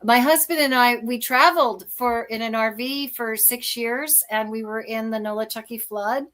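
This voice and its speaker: A woman guest on a talk show with a slightly high voice. She tells personal anecdotes with animation, slipping into the voices of the people in her stories. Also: normal speed. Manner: animated, acts out dialogue in anecdotes. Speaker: guest author and life coach. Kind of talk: conversational storytelling.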